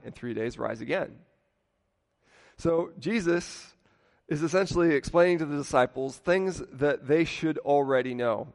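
A man's voice: medium pitch, vocal fry. Man preaching a casual sermon in a hall. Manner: conversational, acts out quoted lines with rising emphasis. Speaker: pastor.

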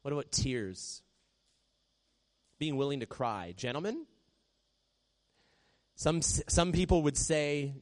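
A man preaching a sermon in a conversational way, often dropping to a soft hush when he quotes a prayer. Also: on the high side, lively intonation, slow pace, pauses often. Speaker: pastor.

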